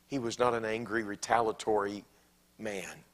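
A Southern American pastor preaching a sermon in a church, swinging from loud, emphatic lines to hushed, near-whispered quotes. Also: male voice, fairly low pitch, steady tone, moderate pace. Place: church sanctuary.

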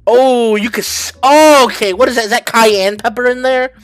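A man hosting a comedic reaction video, talking to viewers as boys and fellas and breaking into yelps and shouts. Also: very high-pitched, steady tone, normal speed, no room sound, faint music behind. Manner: hyped, jokey, bursts into yelps and shouts. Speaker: YouTuber.

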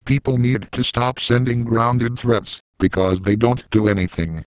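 Flat-voiced man giving a dry rant. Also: medium pitch, measured pace, clear, resonant tone, dry recording, low-quality recording. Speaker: YouTube ranter. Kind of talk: scripted rant.

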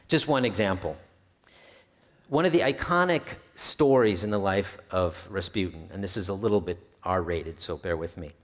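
A male historian giving a public talk about his book, telling anecdotes in an easygoing way with occasional filler hesitations. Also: lowish voice. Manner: relaxed storyteller with some filler hesitations. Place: library event hall. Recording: long reverb of a hall.

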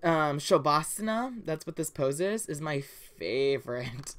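A woman's voice: low voice, lively intonation, measured pace, slight background noise. A woman hosting a casual let's play, chatting loosely with lots of fillers and giggles. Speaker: gaming channel host.

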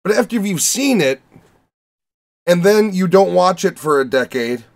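A young man from the Chicago area, hosting a casual movie podcast and talking in a profane, rambling, animated way. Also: high-pitched, a little slow. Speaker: podcast host reviewing movies. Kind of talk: casual chat.

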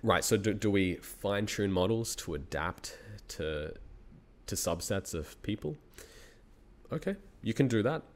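Guesting on a relaxed interview, an Australian university researcher in his thirties works through his thoughts aloud and laughs frequently. His voice is fairly low, expressive and unhurried.

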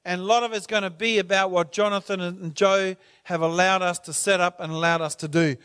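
A man's voice: high voice, steady tone, a little fast, fairly bright tone, clean tone. A man pastor introducing a preacher to his church, emphatic and rallying.

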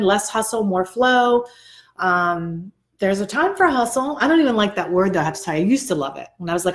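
Bubbly woman chatting, laughing a lot. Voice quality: bubbly, laughs often, big pitch swings. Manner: chatty storyteller, sparks off tangents. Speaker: co-host of a self-growth live show. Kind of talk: casual live chat.

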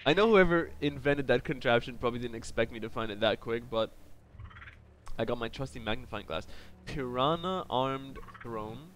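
A man's voice: mid-range voice, normal speed, fairly bright tone, slight background noise. Playful male streamer narrating a game. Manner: playful, joking, talks to viewers. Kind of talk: live game commentary. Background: game music.

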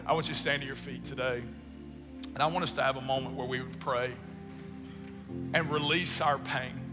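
A man's voice: medium pitch, fairly even intonation, moderate pace. Man preaching a dramatic sermon. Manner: storytelling, swinging from hushed to emphatic. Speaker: pastor. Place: church sanctuary. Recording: long church reverb, music behind. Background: soft music.

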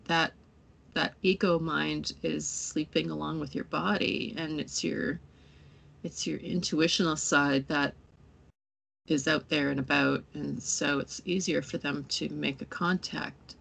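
A woman in a casual spiritual discussion, rambling and acting out quotes in excited voices. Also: deep voice, unhurried, gravelly, breathy edge. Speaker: co-host.

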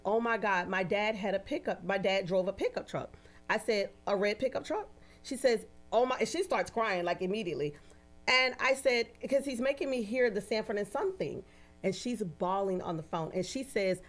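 Casual: medium lady chatting in an interview, lively storyteller, tosses in lots of "you know, right?". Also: mid-range voice, moderate pace, faint music behind. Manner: animated, acts out quoted dialogue in anecdotes.

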